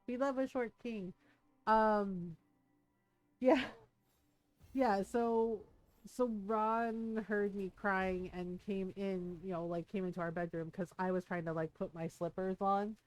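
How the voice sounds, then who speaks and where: A woman's voice: medium pitch, takes it slowly, no echo. A woman streamer chatting casually between game scenes, candid and emotional, laughing as she tells a personal story and acting out what people said. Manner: animated when acting out quotes.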